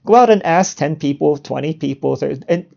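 A man's voice: a little high, expressive, fairly quick, gravelly, darkish tone, lo-fi sound. A man hosting a podcast, delivering a provocative monologue in a sarcastic, mock-indignant way and chuckling at his own jokes. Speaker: podcast host.

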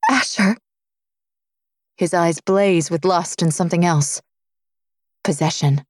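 A woman narrating a romance audiobook in the first person, with a low, intimate reading. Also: steady tone, moderate pace, dry recording, clean studio sound. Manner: low, intimate reading, dropping softer for his lines.

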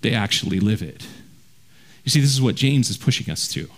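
A man preaching a verse-by-verse sermon as a pastor, earnest and direct, often dropping low and quiet to drive a point home. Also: lively intonation, fairly quick. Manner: earnest preaching, drops low and quiet for emphasis, repeats words when restarting.

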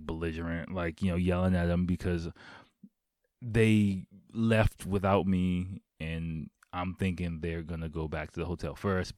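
A man's voice: deep voice, darkish tone, dry recording, studio quality. A man hosting a podcast, casually telling a rambling, profane story and laughing often. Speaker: podcast host.

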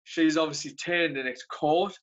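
A man's voice: on the high side, measured pace, fairly bright tone, highs cut off. A man in casual chat, chatty and rambling with restarts.

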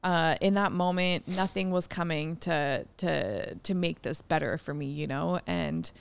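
A young woman speaks in a lowish voice, telling a story in a frank, unfiltered way. She swears freely and laughs often while she talks. Her voice sounds close and dry, with no room sound. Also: unhurried, vocal fry, clean tone, no room sound. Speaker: podcast co-host. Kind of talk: candid storytelling chat.

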